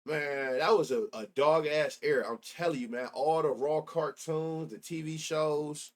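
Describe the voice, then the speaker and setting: This middle-aged man hosts a sports betting live stream, and his voice sits on the high side with an unhurried pace. He chats loosely and profanely, reminiscing and reacting to his chat.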